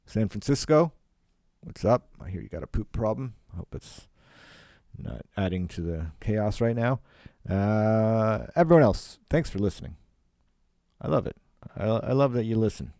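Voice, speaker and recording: A man's voice: on the low side, animated, moderate pace, dark tone, dry recording, clean studio sound. A Canadian man, a comedian, rambling on his solo podcast from home, swearing often and full of fillers. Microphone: home podcast microphone.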